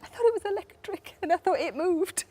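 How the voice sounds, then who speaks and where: A woman's voice: extremely high pitch, lively intonation, fairly quick, crowd noise. A woman in her forties with a Geordie accent, chatting casually and candidly as a comedian and laughing often. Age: 40s. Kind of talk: casual chat. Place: indoor venue with a stage.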